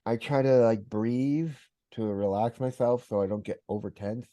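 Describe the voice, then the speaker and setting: A man's voice: mid-range voice, moderate pace, warm tone, no room sound. A man hosting a podcast interview, talking casually and retelling a personal story with quoted voices. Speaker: podcast host.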